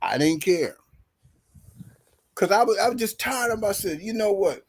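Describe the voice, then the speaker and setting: A man's voice: high-pitched, lively intonation, moderate pace, slightly rough. A man on a podcast telling a workplace story in casual chat, acting out the quoted dialogue with bursts of laughter. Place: podcast studio.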